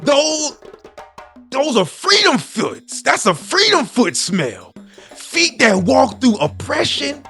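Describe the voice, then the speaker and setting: A man voicing a zealous, preachy male conspiracy-minded defender who rants in a sing-song way with sudden shouted bursts. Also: high-pitched, sing-song, a little slow, creaky, soft background music, exaggerated voice. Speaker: comedic character.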